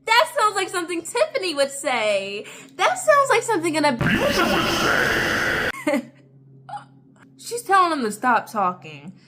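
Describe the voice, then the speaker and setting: A woman's voice: extremely high pitch, slow, slight background noise. A woman giving casual reaction commentary as a vlogger, full of "like" fillers and indignant outbursts. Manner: heavy "like" fillers, indignant and expressive.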